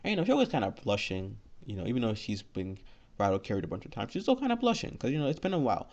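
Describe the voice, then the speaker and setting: A man's voice: fairly low pitch, huge pitch swings, very fast, darkish tone, a little hiss or hum. A man telling an improvised fan story in a rambling, filler-heavy way. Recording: lo-fi dull recording.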